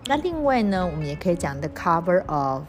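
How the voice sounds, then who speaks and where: A woman teaching English through a storybook, reading lines slowly and spelling words out letter by letter. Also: on the low side, very animated, music in the background. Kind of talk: storybook reading lesson with explanations.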